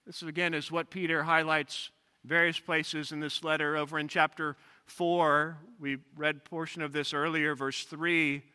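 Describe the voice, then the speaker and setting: Man, pastor, expository sermon, fairly high voice, very bright tone, long hall reverb. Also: flat delivery, measured pace, smooth. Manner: reads scripture aloud and explains it with personal stories. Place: large church sanctuary.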